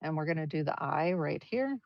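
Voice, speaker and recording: A woman's voice: low voice, expressive, fairly quick, dry recording. A woman leading a live brush painting demonstration, chatty and encouraging as she talks through each stroke. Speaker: art teacher. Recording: dull, lo-fi livestream audio.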